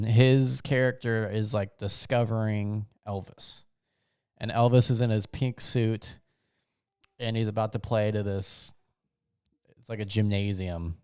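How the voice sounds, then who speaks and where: A man's voice: on the low side, a little mellow, smooth. A young man hosting his own show, rambling through a casual comedic rant full of slang, restarts and trailing thoughts. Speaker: podcast host.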